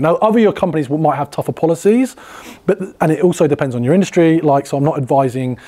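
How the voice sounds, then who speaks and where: A man's voice: fairly high pitch, fast talker, warm tone. A man running a sales workshop, chatty and full of fillers and restarts as he explains. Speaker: sales trainer. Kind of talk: casual workshop teaching.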